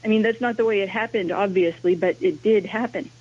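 A woman's voice: medium pitch, fairly quick, a little mellow, breathy edge. Woman linguist explaining on lo-fi radio. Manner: explanatory, lecturing. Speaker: guest linguist, language history teacher. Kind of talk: radio interview. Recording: dull lo-fi radio sound.

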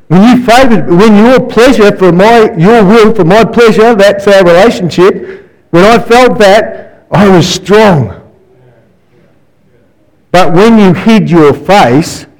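A man preaching a sermon as a guest counsellor, with a fairly high voice. He tells stories animatedly, tossing in asides and quick rhetorical questions to the crowd. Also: darkish tone, poor audio.

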